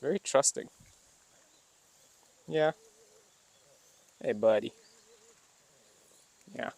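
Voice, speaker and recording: A man vlogging on a walk, speaking casually and cooing at cats in a high baby voice between laughs. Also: extremely slow, vocal fry, darkish tone, dry recording. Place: outdoors in a small town street.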